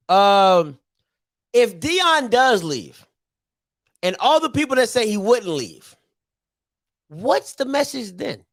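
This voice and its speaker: A man's voice: very high-pitched, sing-song, measured pace, creaky, long pauses, fairly bright tone, no room sound, clean studio sound. A male host of a call-in show, easygoing and slangy, laughing often as he takes callers. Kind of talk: casual call-in show hosting.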